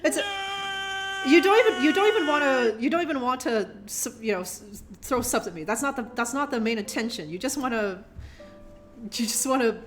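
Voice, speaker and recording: Her voice is on the high side, animated and fairly quick. She's streaming live, chatting with viewers and reading a kids' book aloud while slightly tipsy, rambling, laughing often and cursing in fun.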